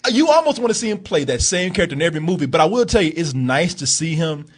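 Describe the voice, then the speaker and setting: A man's voice: fairly high pitch, sing-song, fast talker, breathy edge. A man hosting a movie review podcast in casual, profane chat, laughing a lot and acting out quotes. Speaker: film review podcast host.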